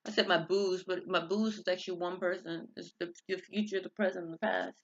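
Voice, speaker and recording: Casual vlog monologue, rambling and tangential, with a raspy fry and a dull lo-fi sound. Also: medium pitch, steady tone, brisk. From United States. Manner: rambling, tangential, self-interrupting. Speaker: vlogger. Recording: dull lo-fi recording.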